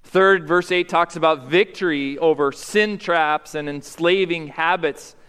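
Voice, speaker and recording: A male pastor preaching a sermon, climbing to loud, high emphatic peaks and then dropping quiet. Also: a little slow, smooth. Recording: long hall reverb.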